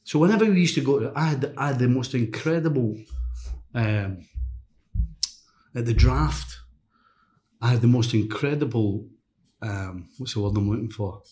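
A middle-aged man, a former footballer and coach, tells lively anecdotes as a guest on a casual chat podcast. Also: mid-range voice, normal speed, pauses often. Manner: anecdotal, lively, mimics others in quotes. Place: hotel room podcast set. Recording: roomy echo.

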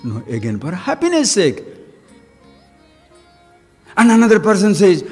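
A man's voice: sits high, very animated, brisk, long pauses. A man with an Indian English accent, giving a spiritual talk full of rhetorical questions and acted-out dialogue. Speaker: spiritual teacher. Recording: long hall reverb, faint music.

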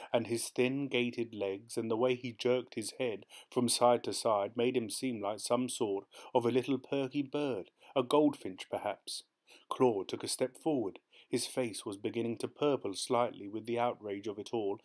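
A man narrating a short story as an audiobook in a steady, measured way. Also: medium pitch.

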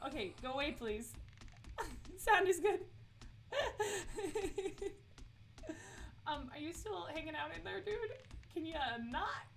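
A woman's voice: very high-pitched, expressive, slow pace, vocal fry, long pauses. A woman streaming a horror game, chatty and giggly as she talks to herself and her chat. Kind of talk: live let's play commentary.

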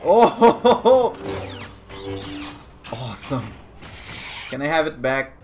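A young man giving excited, jokey commentary while playing a VR game, taunting enemies and shouting at the action. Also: on the high side, moderate pace, faint music behind. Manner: playful, jokey, yells at enemies. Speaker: gaming YouTuber. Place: home, playing VR.

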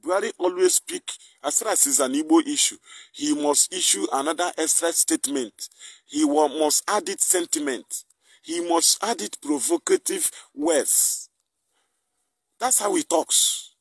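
Brief: husky, animated man, indignant political commentator, dry close sound. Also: fairly high pitch, measured pace, dry recording. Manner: indignant, fires rhetorical questions. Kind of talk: impassioned political rant.

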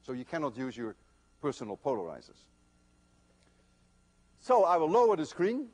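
Older male lecturer, emphatic storyteller, voice a bit high, highly varied intonation. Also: huge pitch swings, normal speed, darkish tone. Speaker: physics lecturer. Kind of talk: university lecture. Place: lecture hall.

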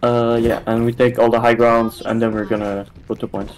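Young guy on a headset mic, mid-pitch voice, calling plays for his team, lots of uhs and ums. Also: little pitch movement, a little hiss or hum, rough recording. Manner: halting, filler-heavy strategy calling. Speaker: team shot-caller in a practice match. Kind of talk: casual team voice chat.

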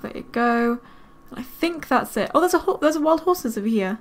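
A woman giving casual let's-play commentary, chatting to her game characters with quick excited exclamations. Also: high voice. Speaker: gaming video creator.

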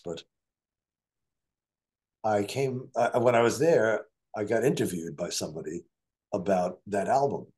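Older man telling studio stories, low voice. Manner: animated storyteller, acts out quoted voices. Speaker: guest musician and producer. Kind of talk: casual storytelling interview.

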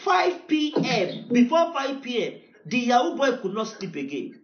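High-pitched Nigerian preacher in an echoey hall. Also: male voice, big pitch swings, moderate pace. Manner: storytelling, rising to shouted decrees. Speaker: pastor. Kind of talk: sermon. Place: church hall. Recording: echoey, dull church recording.

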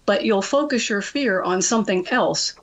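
A middle-aged woman, a trading coach, is a guest on a radio talk show and tells stories in a chatty, animated way. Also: medium pitch, moderate pace. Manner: chatty, animated storyteller, laughs often. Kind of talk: phone-in storytelling on a talk show.

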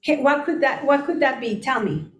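A middle-aged woman leading a casual group talk, animated and full of storytelling asides. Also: high voice, brisk. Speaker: group discussion leader. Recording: echoey room.

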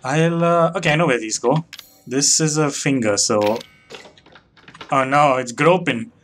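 This is a young man talking his way through a horror game at an unhurried pace. He jokes, mocks himself and groans at anything gross. Faint game sound runs behind his voice. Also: medium pitch, fairly bright tone, slight background noise. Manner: joking, self-mocking, easily disgusted. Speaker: let's play commentator. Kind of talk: gameplay commentary.

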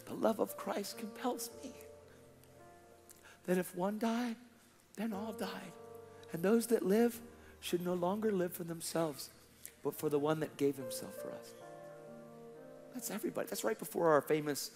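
Brief: casual, animated male preacher, a bit high, in a reverberant hall. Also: a little slow, long pauses. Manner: animated, casual slang, acts out dialogue. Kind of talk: sermon testimony storytelling. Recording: long hall reverb, faint music.

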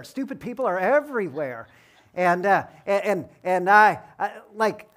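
A middle-aged male pastor delivers a sermon in a fairly high voice. He tells the story with energy, drops into quiet asides and wry jokes, and then lifts his voice again. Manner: animated storytelling with quick asides and wry humor.

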